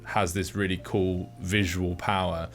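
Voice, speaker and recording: A man co-hosting a podcast, chatting casually about films in a rambling, halting way with many restarts. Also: sits low, level tone. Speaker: podcast co-host. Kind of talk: casual film review chat.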